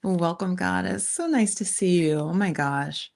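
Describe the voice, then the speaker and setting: A woman's voice: lowish voice, a little slow, gravelly. A woman hosting a tarot live stream, chatting casually with viewers in a rented countryside room. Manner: chatty, warm asides to viewers, frequent "you guys". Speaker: tarot reader, channel host.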